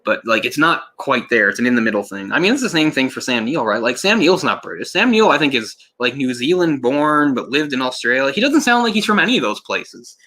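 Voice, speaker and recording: Man, casual film commentary, rambling, self-correcting, bright tone. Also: mid-range voice, sing-song, brisk, hardly any pauses. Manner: rambling, self-correcting, laughs and swears in passing.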